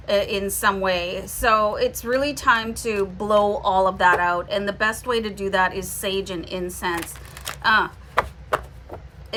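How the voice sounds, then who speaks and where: A woman's voice: fairly high pitch, sharp tone, slight background noise. A woman with a Canadian accent giving a casual, reassuring tarot reading, often checking in with "okay?". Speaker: tarot reader.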